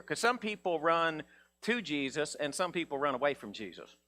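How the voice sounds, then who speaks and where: Animated preacher, high lively voice. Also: male voice, normal speed. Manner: folksy, animated, acts out voices of Bible characters. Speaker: pastor. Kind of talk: sermon.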